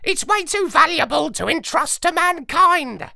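High squawky parrot major, scornful know-it-all, bright and bouncy, dry close sound. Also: expressive, measured pace, creaky, dry recording, full character voice. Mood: scheming. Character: clever grumpy male parrot officer. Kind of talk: storybook narration.

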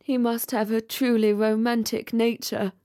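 A woman's voice: a little high, flat delivery, measured pace, mellow, dry recording, studio quality, natural voice. A woman voicing a sentimental, wistful female Catherine Wheel firework in a storybook reading, in a dreamy, sighing manner.

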